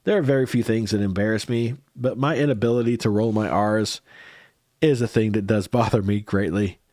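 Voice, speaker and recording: A man's voice: lowish voice, brisk, darkish tone, no room sound, studio quality. A man with a head cold, tired and congested, hosting a music reaction livestream and answering viewer comments in casual chat.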